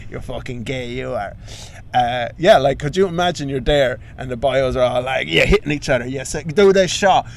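A man's voice: mid-range voice, normal speed, vocal fry. A young man telling a comic story on a podcast, swearing freely and acting out the voices of other people. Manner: swears a lot, acts out voices. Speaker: podcast co-host.

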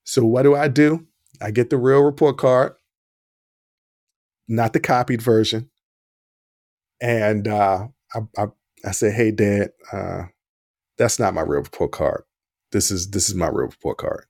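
A man's voice: lowish voice, a little slow, pauses often, no room sound, studio quality. A man hosting a podcast, telling a personal story and acting out the voices in it. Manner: animated storyteller, acts out quoted dialogue. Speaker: podcast host.

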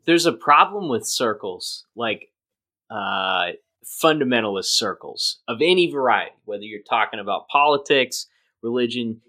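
Man, podcast host, bright, wry, casual chat. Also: medium pitch.

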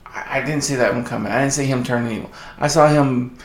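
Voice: medium pitch, fast talker. A co-host chatting casually, with frequent hesitant restarts. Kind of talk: casual chat. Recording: echoey room.

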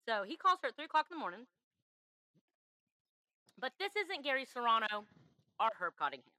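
Woman telling a true crime story to her cohost, bouncy pitch, super dry close sound. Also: a little fast, no echo, low-quality recording. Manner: emphatic, animated, chatty. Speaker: podcast host.

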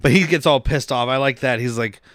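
A man casually recapping a movie for a podcast, telling it with animated retellings of characters' lines. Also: mid-range voice, fairly quick, dry recording. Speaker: podcast co-host.

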